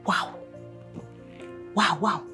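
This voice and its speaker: An actress with a Nigerian accent playing a defiant, sharp-tongued young wife, given to mocking and dramatic outbursts in a film drama. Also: female voice, very slow, soft background music. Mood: indignant.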